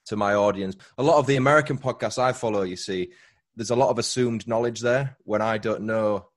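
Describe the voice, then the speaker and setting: A man with a British accent, a true crime podcaster, explaining his work in a casual interview. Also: fairly low pitch. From Britain.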